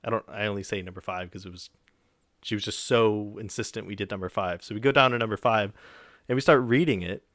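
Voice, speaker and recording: Fast-talking and lowish in pitch, a young podcast co-host animatedly retells a story, acting out quoted people and swearing mildly. The audio is clean studio sound without echo.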